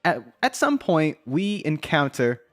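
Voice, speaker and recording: A man's voice: fairly high pitch, big pitch swings, measured pace, dry recording, studio quality, soft background music. A man casually recapping a video game, rambling and breaking into his own asides. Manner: rambling, self-interrupting asides.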